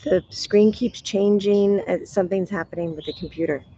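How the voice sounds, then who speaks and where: A woman's voice: mid-range voice, moderate pace, dark tone, breathy edge, lo-fi sound. Tired woman, chatty and laughing. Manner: laughing, chatty, greets viewers. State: tired morning voice. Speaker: spiritual medium hosting a live stream. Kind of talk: casual live-stream chat.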